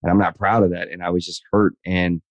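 Guest, 30s man, very low voice, earnest candid interview talk, says man a lot, dry sound. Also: flat delivery, brisk, dry recording, highs cut off. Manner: earnest, repeats words, says man and dude. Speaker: podcast guest.

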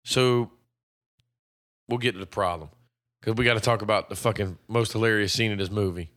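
A man co-hosting a casual movie discussion, swearing freely and acting out characters in quick quoted bits. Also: fairly low pitch. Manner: profane, animated, acts out characters in quotes. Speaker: podcast co-host.

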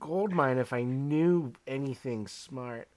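Excitable rambling man, comedy podcast. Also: medium pitch, slow pace. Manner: rambling, excitable, stammering restarts. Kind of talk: improvised comedy podcast chat.

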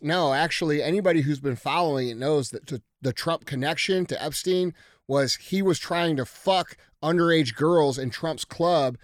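A man's voice: a little high, normal speed, no echo. A man co-hosting a casual studio podcast, talking bluntly, with plenty of swearing and riffing. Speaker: podcast co-host.

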